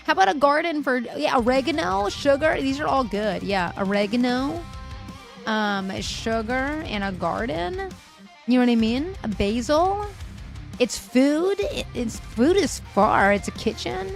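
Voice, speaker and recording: A woman's voice: high voice, animated, a little slow, creaky, soft background music. A young woman livestreaming, chatting playfully with her viewers, reading their comments aloud and laughing often as she thinks aloud.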